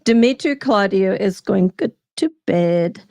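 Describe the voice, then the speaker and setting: A woman's voice: medium pitch, expressive, a little slow, a little mellow, dry recording, studio quality. A woman co-hosting a live stream in casual chat, giggling and reading viewers' messages aloud.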